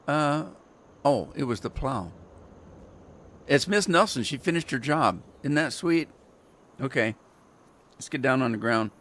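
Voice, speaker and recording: While playing a farming game on his livestream, an older American man chats and spins rambling stories, chuckling often. He speaks in a mid-range, fairly bright, animated voice at a measured pace, pausing frequently.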